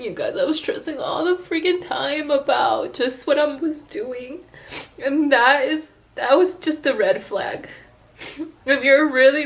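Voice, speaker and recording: A woman esthetician talking to her viewers in a personal vlog, tearful and earnest, halting with sighs and restarts. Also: sits high. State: tearful, crying. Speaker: esthetician vlogger. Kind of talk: emotional personal vlog talk.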